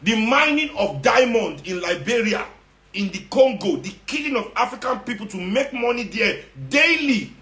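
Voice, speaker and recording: Man, Nigerian accent, higher voice, confrontational, sarcastic, Pidgin mixed in, echoey room. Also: sing-song, moderate pace, pushed and bright. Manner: confrontational, sarcastic, repeats for emphasis. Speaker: activist speaking to followers. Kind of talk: impassioned monologue. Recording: roomy echo.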